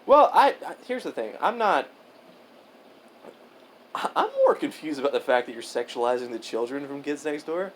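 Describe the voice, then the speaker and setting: A woman's voice: rumbling low, animated, normal speed, long pauses, a little hiss or hum. A young woman co-hosting a casual podcast chat, chatty and teasing, often cutting in with jokes. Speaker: podcast co-host.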